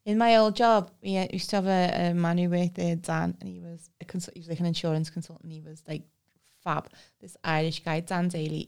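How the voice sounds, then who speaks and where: A woman with a Liverpool accent, co-hosting a podcast and telling lively stories in casual chat. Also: lowish voice. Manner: animated storyteller who acts out voices. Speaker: podcast co-host.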